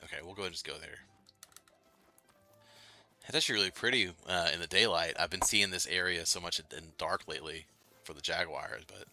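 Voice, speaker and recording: A man with a deep but bright, forward voice talks loosely to his chat on a late-night livestream. He rambles, restarts and laughs easily, filling gaps with likes and ums. The sound is dry and close, with no room around it. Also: fairly quick, pauses often, no room sound, soft background music. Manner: loose and chatty, lots of fillers, laughs often. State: itchy nose. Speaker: livestream host. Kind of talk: casual gaming livestream chat.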